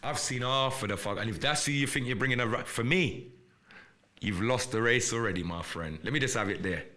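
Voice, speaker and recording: Defiant, profane man with a sharp voice. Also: medium pitch, fairly quick. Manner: profane, defiant, repetitive and threatening. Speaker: live podcast host. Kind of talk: confrontational livestream rant.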